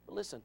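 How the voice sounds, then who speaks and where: Preacher guy, really high voice, yells then drops way down, fiery sermon. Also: vocal fry, slight background noise. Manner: fiery preaching, swings from shouting to low asides. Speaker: pastor.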